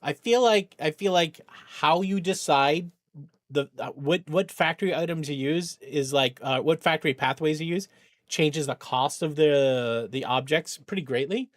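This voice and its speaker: A middle-aged man hosting a charity game stream, talking casually, thinking aloud with many restarts and greeting viewers with bursts of excitement. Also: a little high, measured pace, no room sound, clean studio sound. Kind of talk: casual livestream chat.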